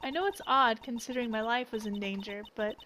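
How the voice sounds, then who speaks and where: A woman's voice: on the high side, a little fast, sharp tone, slight background noise, pitched below the performer's own voice. A woman reading a flustered young witness. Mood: nervous. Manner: flustered, stammering. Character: young female spirit-medium witness, flustered. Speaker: game reader. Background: game music.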